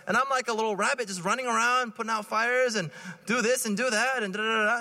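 A man in his thirties, a priest giving a conversational homily at Mass, telling stories in an animated way and checking in with the congregation. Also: very high-pitched, quick pace, big-room sound. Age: 30s. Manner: animated storytelling, checking in with "right?". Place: church.

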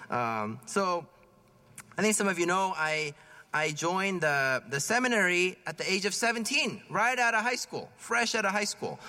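A bright, forceful male voice, pitched a little high, sounds out across a long-reverb church. He is a priest in his thirties who preaches like he is chatting, checking in with "right?" and chuckling at himself as he goes. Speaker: parish priest. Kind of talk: conversational homily.

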